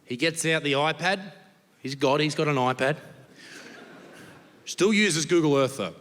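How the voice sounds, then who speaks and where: Brash Australian comedian, bright and high. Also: male voice, unhurried. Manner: crude, brash, swearing. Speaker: stand-up comedian. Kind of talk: stand-up comedy. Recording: live hall with long reverb.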